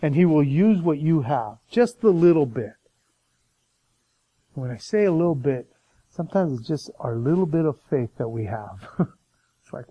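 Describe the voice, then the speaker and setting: Male pastor, high voice, animated sermon delivery, plays out voices, dry sound. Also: moderate pace, long pauses, dry recording, muffled recording. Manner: animated, chatty, acting out voices with laughs.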